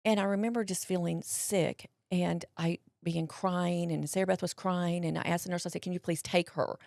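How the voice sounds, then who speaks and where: Speaking at a moderate pace, this middle-aged woman has a fairly low, creaky voice and a clean studio recording free of room sound. She's a guest sharing a personal story in an interview, bringing it to life by acting out what people told her in drawling voices.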